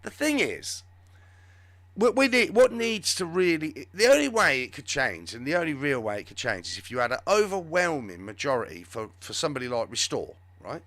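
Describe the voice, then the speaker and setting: A man's voice: on the high side, very animated, normal speed, fairly bright tone, no room sound. A man hosting a live show, giving rambling, sarcastic, off-the-cuff commentary on the news. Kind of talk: live political commentary chat.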